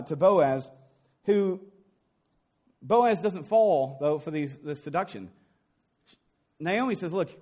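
A male pastor with a noticeably high voice delivers a sermon. He retells the old story in plain, conversational language, with a lively, animated delivery. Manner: retells scripture in lively everyday speech.

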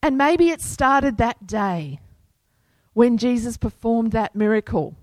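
A woman pastor delivers a sermon at a slow, deliberate pace, her voice sitting a little high. She preaches earnestly and weaves in scripture. The sound is dry and close, with no room echo. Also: animated.

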